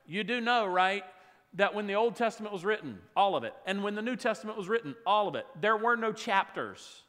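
A man preaching a sermon as pastor, emphatic, swinging between loud declarations and hushed lines. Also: sits high. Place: church sanctuary. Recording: long hall reverb.

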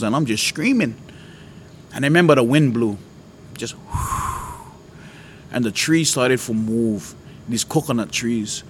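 A man's voice: mid-range voice, slight background noise. A man from Hawaii, telling a personal faith testimony in an earnest, conversational way.

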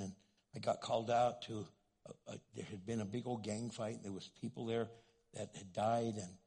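A man's voice: mid-range voice, gravelly, mellow, breathy edge. A man preaching a sermon, telling stories with animation and acting out the people in them. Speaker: pastor.

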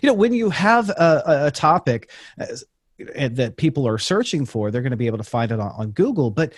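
A man talks easily as a podcast guest, explaining things step by step with a few restarts along the way. His voice sits in a middle pitch. The sound is very dry with no room to it. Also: big pitch swings, brisk, breathy edge, no echo. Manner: conversational, explains with examples, frequent restarts. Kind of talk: casual interview talk.

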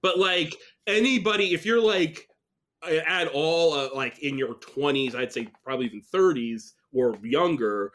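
A man talking casually on a podcast, relaxed and rambling, with lots of fillers. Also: on the high side, moderate pace.

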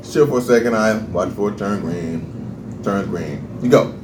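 A man co-hosting a casual podcast, ranting in an animated, profane way and laughing often. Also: on the low side, unhurried. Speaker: podcast co-host. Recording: roomy echo, faint background noise.

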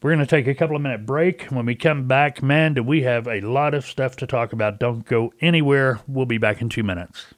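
A man's voice: medium pitch, a little fast, hardly any pauses, no room sound, clean studio sound. A middle-aged man hosting a casual talk radio show, telling a folksy story and acting out a caller's lines.

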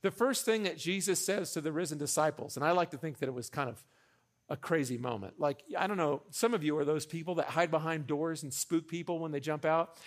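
A young adult man preaching a sermon as pastor, animated, with joking asides, repeating phrases for emphasis. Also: fairly high pitch, fairly quick.

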